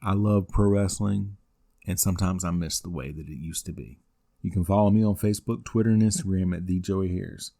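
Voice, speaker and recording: Mellow-voiced man in his forties recapping. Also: low-pitched, fairly quick, gravelly. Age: 40s. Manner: steady play-by-play retelling with dry asides. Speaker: wrestling podcast host. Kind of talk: scripted recap narration.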